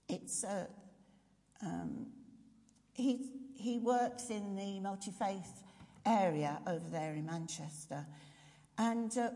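A woman's voice: mid-range voice, mellow. A woman preaching a sermon, reflective, often asking her congregation questions. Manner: reflective, asks the audience questions. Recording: long reverb of a large hall.

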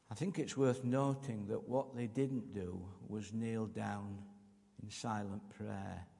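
Male preacher, unhurried and deliberate, deep gravelly tone, recorded in a reverberant hall. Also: darkish tone. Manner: slow, measured preaching with emphatic pauses. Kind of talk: sermon.

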